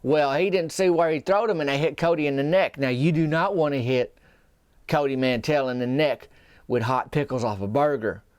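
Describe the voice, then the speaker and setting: Brief: man, podcast storyteller, folksy rambling deadpan, slightly high voice, dry close mic. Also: normal speed, clear, resonant tone, no room sound. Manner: folksy, meandering, deadpan asides. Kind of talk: rambling comic tall tale.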